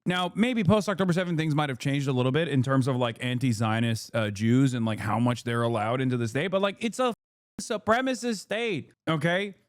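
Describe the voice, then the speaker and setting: A man in his thirties streaming, reacting to a video with heated, sarcastic, rapid commentary full of rhetorical questions. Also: medium pitch, lively intonation, no room sound, studio quality.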